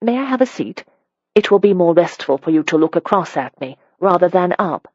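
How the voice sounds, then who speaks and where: A woman's voice: on the low side, animated, fairly quick, a little mellow, no echo, highs cut off. A reader voicing a composed, courteous but firm woman of good standing in an audiobook. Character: calm, composed woman of rank, firm and polite. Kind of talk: audiobook character reading.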